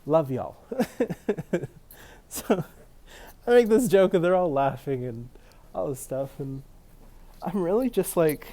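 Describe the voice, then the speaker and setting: A young man from Canada with a Canadian accent, telling a casual story with laughs and sudden loud exclamations. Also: fairly high pitch, big pitch swings, measured pace.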